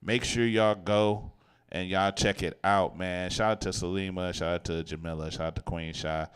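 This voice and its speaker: A man's voice: sits low, steady tone, moderate pace, clean tone. A man hosting a radio show, chatting casually and joking with his guests through a headset mic. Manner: playful, joking, laughs often. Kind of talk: casual on-air chat.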